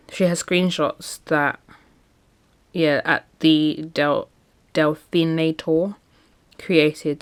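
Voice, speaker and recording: A woman's voice: low-pitched, clear, resonant tone. A woman talking casually in a solo podcast, chatty and emphatic, often laughing between points. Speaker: podcast host.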